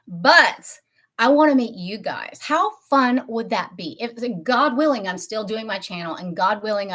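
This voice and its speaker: A woman's voice: a little high, fairly bright tone. A woman in her fifties who grew up in Tennessee, hosting a casual beauty livestream and chatting in a rambling way, often correcting herself mid-sentence. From Tennessee, USA. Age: 50s. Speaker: beauty channel host.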